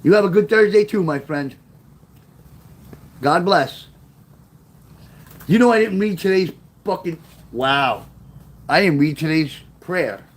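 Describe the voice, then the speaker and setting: A man's voice: a little high, expressive, takes it slowly, pauses often. A middle-aged man, casually telling a street story on his livestream, in a rambling, profane way. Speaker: author livestreaming to chat.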